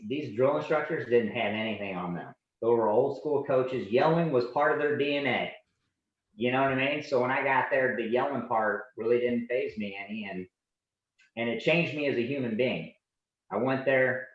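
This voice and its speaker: A man in his forties, a podcast guest and Navy veteran, telling animated anecdotes in a casual way and acting out the people in them. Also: lowish voice. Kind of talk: casual storytelling. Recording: roomy, dull lo-fi sound.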